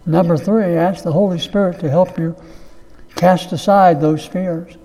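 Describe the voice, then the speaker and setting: A pastor delivering a sermon, preaching slowly and emphatically, repeating key phrases. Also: male voice, high voice, fairly even intonation, dark tone, long reverb tail.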